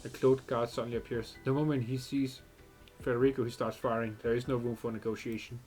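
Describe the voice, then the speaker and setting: A man's voice: medium pitch, level tone, fairly quick, a little mellow, soft background music. A young man reading a game's narration aloud while he plays, with profane outbursts between lines. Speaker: gamer reading a story aloud. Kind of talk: reading game text aloud while playing.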